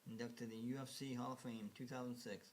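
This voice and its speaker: A man's voice: mid-range voice, flat delivery, brisk, a little hiss or hum. A man casually narrating a slideshow, rambling and hesitant, full of fillers and restarts, chuckling at his own remarks. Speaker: video narrator.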